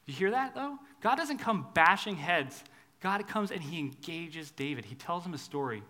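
A man delivers a sermon in a casual, conversational way, with a bright, fairly high voice. He drops to quiet, intimate lines and then climbs to loud, emphatic ones. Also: moderate pace. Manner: lively, conversational, swings from hushed to loud. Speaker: preacher.

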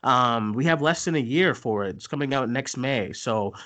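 A man hosting a podcast, telling stories excitedly, often stumbling and restarting his sentences and swearing now and then. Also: mid-range voice, normal speed, background noise. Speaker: podcast host. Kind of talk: casual chat.

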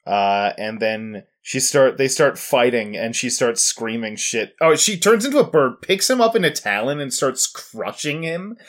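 A man's voice: mid-range voice, lively intonation, a little slow, hardly any pauses, a bit bright. A young man casually recapping an anime episode on a podcast, rambling with fillers and laughs. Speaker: podcast co-host.

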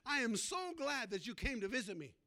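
A frightened man begging for help, his voice climbing very high and sounding bright and forceful, as a preacher acts him out. He pleads in quick, excited bursts within a sermon story. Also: exaggerated voice. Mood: eager.

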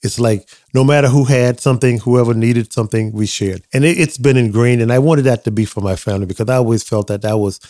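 A man's voice: medium pitch, fast talker, hardly any pauses, mellow, no echo, studio quality. An older man telling family stories as a podcast guest, reflective and acting out remembered dialogue. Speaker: guest, dentist father of the host. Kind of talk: casual storytelling in a podcast interview.

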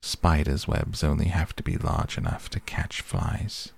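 A man's voice: extremely low pitch, animated, a little slow, gravelly, darkish tone, breathy edge, no room sound, heavily acted. A man voicing a sly, unimpressed cat that talks in a dry, faintly mocking way.

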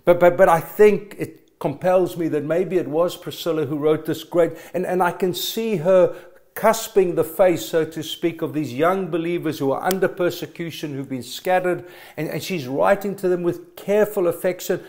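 A man's voice: a little high, normal speed, a little mellow. A middle-aged man preaching a sermon, telling stories with emphatic stammered restarts. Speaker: pastor.

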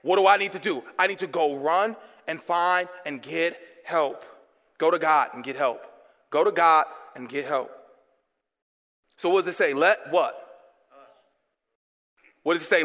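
A young man delivers a fervent call-and-response sermon, tossing questions for the congregation to answer. His voice sits high for a man. It rings out with a long reverb, as in a large church sanctuary. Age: young adult. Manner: swings from loud outbursts to hushed tones. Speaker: guest preacher.

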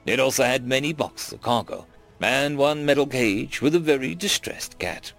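A man narrating a first-person science fiction story in a wry, expressive way. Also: mid-range voice, normal speed, faint music behind. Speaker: audiobook narrator.

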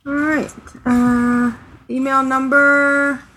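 Bright, high-voiced woman co-host. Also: level tone, very slow, slightly rough, rough recording. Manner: easygoing, laughs readily. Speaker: podcast co-host reading listener emails. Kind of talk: casual podcast chat.

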